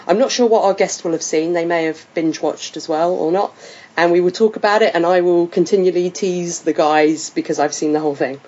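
A woman's voice: on the low side, steady tone, brisk, darkish tone, lo-fi sound. A British woman hosting a podcast in casual chat, rambling with many fillers. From Britain. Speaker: podcast host.

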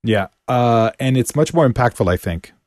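A man's voice: medium pitch, animated, moderate pace, darkish tone. A man co-hosting a podcast, chatting in a laid-back way with short agreeing replies. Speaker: podcast co-host. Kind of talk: casual chat about a TV series.

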